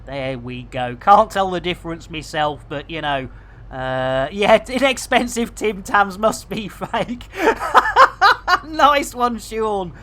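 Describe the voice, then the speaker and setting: A man's voice: sits high, takes it slowly, a bit bright, a little hiss or hum. A middle-aged man with a Barnsley accent, chatting through a live game stream in a jokey way full of catchphrases. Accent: Barnsley, Yorkshire. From England. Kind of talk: live gameplay stream chat.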